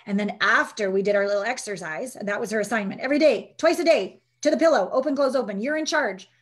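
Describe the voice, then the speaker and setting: A woman's voice: a little high, quick pace. A woman intimacy coach, telling stories as a guest in a conversational interview and acting out the lines of the people in them. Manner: animated storyteller, acts out quotes.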